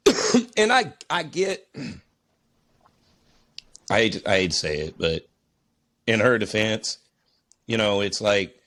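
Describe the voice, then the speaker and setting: A man's voice: lowish voice, very animated, slow pace, pauses often, fairly bright tone. A father co-hosting a podcast, chatting casually and animatedly, swearing freely and breaking into mocking voices while telling stories. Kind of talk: casual profane chat.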